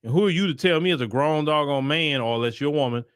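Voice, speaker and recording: A man's voice: a little high, fast talker, clear, resonant tone, dry recording, studio quality. A man hosting a solo political commentary show, talking emphatically and firing off repeated rhetorical questions, with sarcastic asides while browsing websites on screen.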